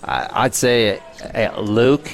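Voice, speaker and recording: A man giving color commentary on a high school football radio broadcast, chatty and full of fillers. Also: very animated, takes it slowly, gravelly. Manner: chatty, many fillers like you know and uh.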